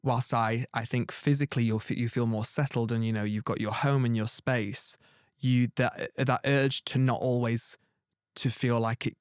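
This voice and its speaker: Doing a tarot reading, this man rambles earnestly and reassuringly, peppering his speech with "like" and starting sentences over. He has a clear, resonant medium-pitched voice with fairly even intonation and a moderate pace, recorded at studio quality without echo.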